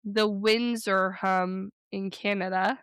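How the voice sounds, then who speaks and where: A woman co-hosting a podcast in casual chat, telling stories in a chatty, rambling way with quick bursts. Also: mid-range voice, fairly even intonation, a bit bright, clear, resonant tone, no echo, studio quality. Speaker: podcast co-host.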